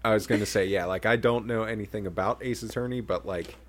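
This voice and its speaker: Man, low voice, laid-back, quiet, casual podcast chat. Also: fast talker.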